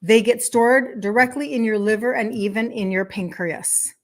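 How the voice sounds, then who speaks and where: A woman's voice: on the high side, normal speed. A woman in her fifties, a health coach, talking casually on a live stream, emphatic and chatty, repeating key points and checking in with "okay?". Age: 50s. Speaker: health coach hosting a weekday live show.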